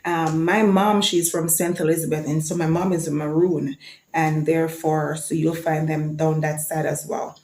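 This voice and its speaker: A Jamaican woman with a Jamaican accent chats enthusiastically with her viewers in a casual vlog, sometimes reciting lines. Her voice is low, a little mellow and flat, at a normal speed, recorded in an echoey room.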